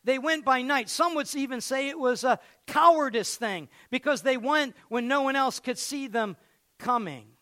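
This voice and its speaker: A man's voice: very high voice, moderate pace, bright, forceful tone. A man preaching a sermon and retelling a story, acting out its scenes.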